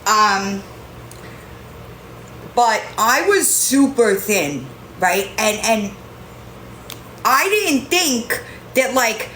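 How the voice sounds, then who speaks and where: A young woman chatting casually on a live stream, rambling and often breaking off to coo at her cat in a high baby voice. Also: very animated, extremely slow, long pauses, bright, forceful tone, a little hiss or hum. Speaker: livestreamer. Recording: echoey home room.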